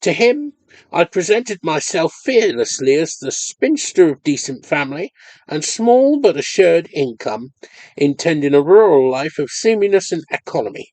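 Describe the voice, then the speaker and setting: Expressive male audiobook narrator. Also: on the high side, dry recording. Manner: expressive, measured storytelling. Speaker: audiobook reader. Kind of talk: scripted narration of a ghost story.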